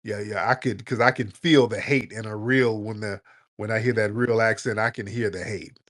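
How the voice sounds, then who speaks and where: A man's voice: fairly low pitch, fairly even intonation, normal speed, fairly bright tone. A man hosting a late-night call-in audio chat, talking in a loose, joking, blunt and slangy way. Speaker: host of a live audio chat room.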